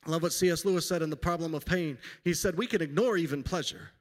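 A man's voice: fairly high pitch, quick pace. Conversational male pastor in a reverberant hall. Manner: conversational, self-deprecating preaching with personal stories. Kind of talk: sermon. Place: church sanctuary.

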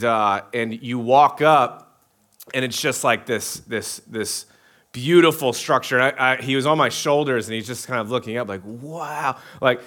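A man's voice: medium pitch, a bit bright. A man, preaching a sermon in a casual, joking way and often asking the crowd questions. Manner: casual, joking, many restarts, asks the crowd. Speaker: pastor.

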